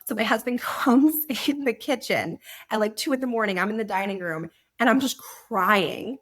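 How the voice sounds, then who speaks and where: A woman author being interviewed on a podcast, telling anecdotes in an animated way and laughing as she talks. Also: fairly high pitch, normal speed. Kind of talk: conversational interview.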